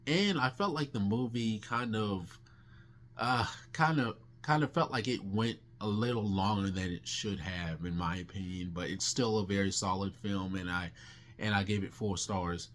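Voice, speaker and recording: A man's voice: fairly low pitch, moderate pace, fairly bright tone. A man casually reviewing the movies he watched last month, rambling with lots of restarts and fillers. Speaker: film reviewer.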